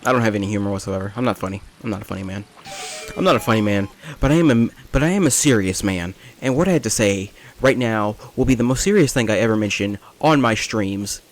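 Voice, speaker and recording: A man's voice: fairly low pitch, quick pace, faint music behind. A young man rambling through self-mocking gameplay commentary, with jokes and asides. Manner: self-deprecating, rambling, jokey. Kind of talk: rambling let's play commentary.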